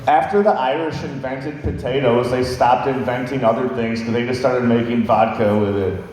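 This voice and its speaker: A man's voice: medium pitch, fairly even intonation, moderate pace, darkish tone, slight background noise. A young man in his twenties doing stand-up storytelling, rambling and swearing with lots of fillers. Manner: rambling, profane, filler-heavy. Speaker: stand-up comedian. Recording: echoey hall with long reverb.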